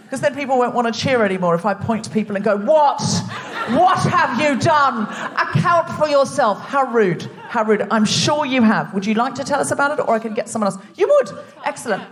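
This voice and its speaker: An Australian woman hosting a live comedy podcast on stage, with animated, sweary, playful banter. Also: high voice, slight background noise. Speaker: host. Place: theatre stage before a live audience.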